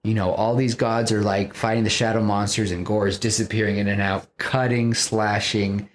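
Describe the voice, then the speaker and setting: A man casually pitching a movie story on a podcast, rambling and leaning on fillers. His voice sits fairly low, with a faint hiss of background noise. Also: little pitch movement, normal speed. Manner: rambling, many fillers like "you know".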